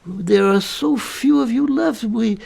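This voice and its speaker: An elderly man voicing a big Dutch paratroop officer, speaking with excited emphasis. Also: very high voice, takes it slowly, gravelly, voice pushed up, heavily acted. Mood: eager.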